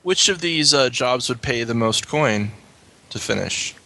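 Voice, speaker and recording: A man playing in a tabletop game, speaking in character in a hesitant, deliberate way. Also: mid-range voice, animated, vocal fry, pushed and bright. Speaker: player.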